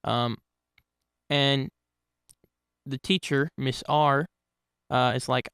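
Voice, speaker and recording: Rambling storyteller man, smooth voice. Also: mid-range voice, level tone, unhurried, long pauses, a bit bright, dry recording, studio quality. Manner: rambling, with frequent restarts and self-corrections. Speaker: channel host telling stories. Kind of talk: casual spoken storytelling.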